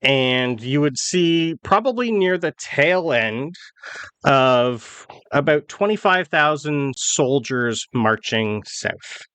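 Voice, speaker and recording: A man running a tabletop role-playing game, describing the scene in a casual, relaxed way with fillers. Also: on the high side, slow pace, clean tone, no echo. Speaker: game master.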